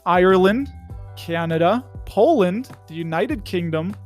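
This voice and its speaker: Goofy high-voiced podcast host. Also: male voice, animated, unhurried, faint music behind. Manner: goofy, rambling, slips into silly voices. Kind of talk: casual solo podcast. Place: his home in the Chicago suburbs.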